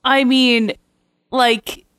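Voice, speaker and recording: A woman's voice: high voice, level tone, a bit bright, clear, resonant tone, no echo, clean studio sound. A woman co-hosting a podcast in casual chat, laughing often as she talks. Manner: giggly, quick to laugh. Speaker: podcast co-host.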